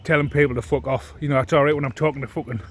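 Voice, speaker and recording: A man's voice: mid-range voice, steady tone, very fast, slight background noise. A man, ranting into his phone with heavy swearing and indignant repetition. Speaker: vlogger. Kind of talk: ranting monologue to camera.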